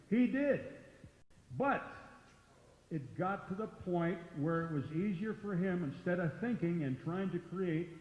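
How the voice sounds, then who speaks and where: An older man, a former wrestler, telling blunt, profane stories to a live audience. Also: on the high side. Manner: gruff, profane, outspoken. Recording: roomy hall, muffled sound.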